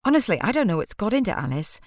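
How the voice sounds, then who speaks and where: A woman's voice: mid-range voice, sing-song, quick pace, no echo, clean studio sound. A woman reading an audiobook voices a flustered, mild-mannered male shopkeeper who turns huffy and pleading.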